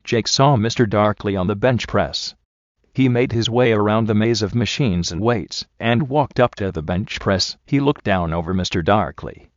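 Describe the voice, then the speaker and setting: Low-voiced man narrating an audiobook. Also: normal speed, dry recording, muffled recording. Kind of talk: scripted narration.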